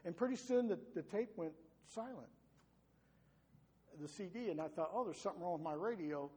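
Earnest high-voiced man preaching in a hall. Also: lively intonation, fairly quick, a little mellow, husky. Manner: earnest, repeats words when building a point. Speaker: pastor. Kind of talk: sermon.

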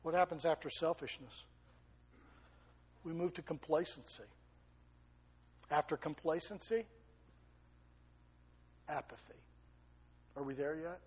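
A middle-aged man preaching a sermon, swinging between emphatic raised peaks and quiet asides. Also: a little high, measured pace, long pauses, husky. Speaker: pastor.

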